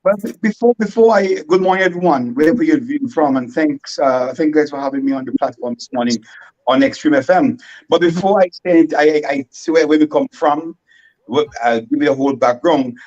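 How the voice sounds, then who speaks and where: Animated Vincentian man on a dull line. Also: a little high, fairly quick. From Saint Vincent and the Grenadines. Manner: animated, repeats words, stumbling restarts. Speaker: guest. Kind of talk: casual radio chat.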